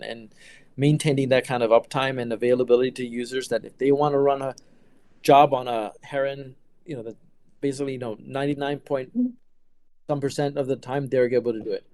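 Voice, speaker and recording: Middle-aged man, interview guest, smooth clear voice, dry close sound, lots of ums and restarts. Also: mid-range voice, a little mellow, no room sound. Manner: hesitant, many fillers and restarts. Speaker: quantum computing engineer. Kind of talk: casual interview answers.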